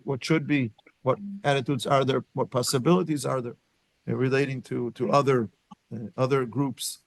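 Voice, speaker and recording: A man's voice: medium pitch, no echo. A man teaching a Torah class as a lecture, thinking aloud with frequent restarts and questions put to his students. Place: synagogue study room.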